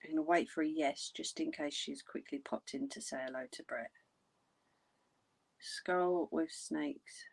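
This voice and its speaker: A woman's voice: low-pitched, steady tone, fairly quick, vocal fry, few pauses, breathy edge. A woman chatting casually with viewers on a craft livestream. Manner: chatty, talks to viewers in the chat.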